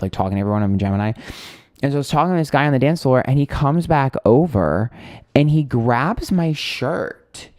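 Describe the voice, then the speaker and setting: A man's voice: medium pitch, darkish tone, no echo, studio quality. A young man who reads tarot, rambling through a story in casual chat, swearing freely and sounding exasperated. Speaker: tarot reader and streamer.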